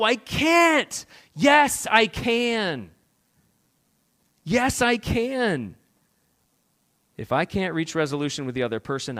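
A male pastor preaching a sermon, rising to loud urgent questions and dropping to quiet, prayerful tones. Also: sits high. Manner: dramatic swings between loud urgent questions and quiet prayerful near-whispers.

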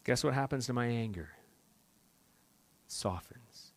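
A male pastor preaching a sermon, rising to loud urgent questions and dropping to quiet, prayerful tones. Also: medium pitch, a little slow. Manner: dramatic swings between loud urgent questions and quiet prayerful near-whispers.

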